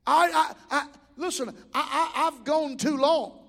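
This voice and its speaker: High-voiced preacher in a hall. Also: male voice, steady tone, measured pace, hardly any pauses. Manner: folksy, preaching with rising shouted builds. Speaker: pastor. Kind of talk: sermon. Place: church sanctuary. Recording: church hall reverb.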